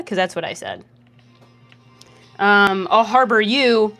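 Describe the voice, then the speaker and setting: A woman's voice: medium pitch, a little slow, long pauses, fairly bright tone, faint music behind. A young Canadian woman with a Canadian accent, chatting casually on a livestream, reading out chat and answering with teasing sarcasm. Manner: sarcastic, teasing, swears freely.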